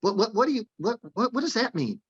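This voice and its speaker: A man's voice: sits high, big pitch swings, fast talker, husky, pitched above the performer's own voice, heavily acted. A man voicing a frightened, stranded woman who stammers, on dull lo-fi audio. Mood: flustered. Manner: stammering, flustered.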